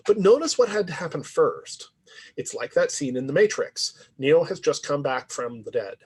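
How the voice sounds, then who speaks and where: A man's voice: a little high, sing-song, normal speed, a little mellow, breathy edge. A man lecturing in a conversational, reflective way, often checking in with "right?". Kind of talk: university lecture.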